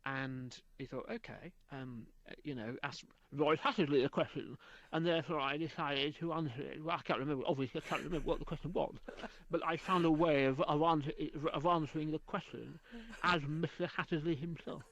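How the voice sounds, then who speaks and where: A middle-aged man, a guest voice artist in a radio studio, telling anecdotes in an animated way during an interview. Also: a little high, fairly quick, few pauses.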